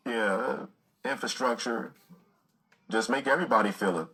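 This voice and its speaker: A man's voice: mid-range voice, steady tone, moderate pace, poor audio. A man in an aggressive, profane rant.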